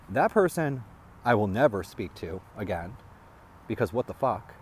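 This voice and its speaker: A man telling a rambling personal story as a vlogger, halting and restarting as he talks. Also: lowish voice, sing-song, a little mellow, a little hiss or hum.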